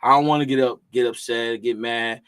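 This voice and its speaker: A man hosting a casual chat, excitable at times and dropping to quiet asides. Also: medium pitch, fairly quick, clear, resonant tone, no room sound. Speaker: host.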